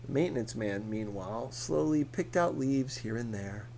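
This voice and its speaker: A man's voice: medium pitch, creaky, a little hiss or hum, poor audio. A man reading a novel aloud as an audiobook narrator. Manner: slow, lively storytelling. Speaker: audiobook reader.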